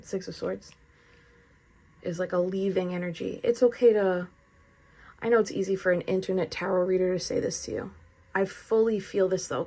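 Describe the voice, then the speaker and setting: A woman's voice: mid-range voice, darkish tone. A woman doing a tarot reading in an earnest, effusive, spiritual way, talking casually to her viewers. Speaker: tarot reader.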